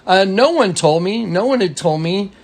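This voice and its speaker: On a phone call, a man with a high-sitting, expressive voice recounts events in a long, casual, rambling story at a moderate pace. He restarts often and retells dialogue in quoted voices.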